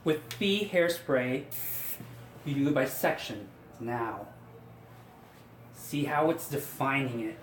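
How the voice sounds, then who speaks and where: A hairstylist with a fairly high voice walks viewers through a hair tutorial step by step, chatty and coaxing, with self-deprecating asides. The room is echoey with faint ambience, and there's slight hiss or hum.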